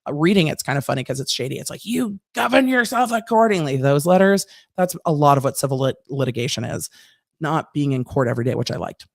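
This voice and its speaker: An American woman, a former trial lawyer, hosting a live-stream and chatting through viewer comments with quick asides. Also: very deep voice, no echo, studio quality. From United States.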